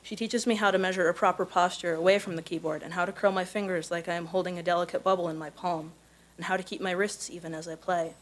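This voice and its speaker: A woman with a somewhat low voice reads her personal essay aloud at a live event. She tells it carefully and evenly, letting the prose carry it. She grew up in Missouri. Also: steady tone, poor audio. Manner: measured, careful storytelling delivery. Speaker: contest winner reading her own prose.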